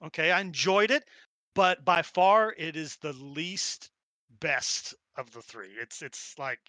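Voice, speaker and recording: A man narrates a tabletop game and rants casually between scenes, animated and quick to swear. His voice sits high and bright. The sound is dry and close to the mic. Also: dry recording. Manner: animated, excitable, swears freely. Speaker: game master.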